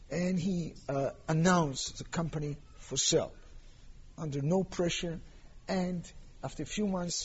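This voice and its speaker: A man telling a long story in a sermon, animated and acting out the characters' quotes. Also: fairly high pitch, husky. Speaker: rabbi lecturer. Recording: lo-fi dull recording.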